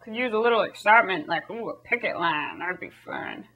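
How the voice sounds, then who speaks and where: Brief: woman as a lazy, spoiled writer, quiet drawl. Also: mid-range voice, lively intonation, fairly quick, voice pushed down, rough recording. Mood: bored. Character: bored spoiled rich writers.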